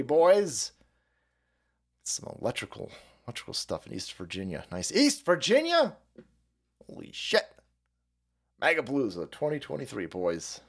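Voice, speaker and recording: A middle-aged man hosting a profane political livestream, loud and rambling, reading out viewer messages with frequent laughter. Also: mid-range voice, breathy edge. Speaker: livestream host.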